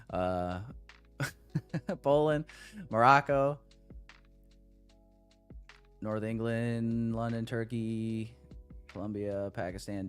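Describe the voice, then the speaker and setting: An American man hosting a trading livestream, chatting casually and reading comments from the chat. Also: medium pitch. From United States.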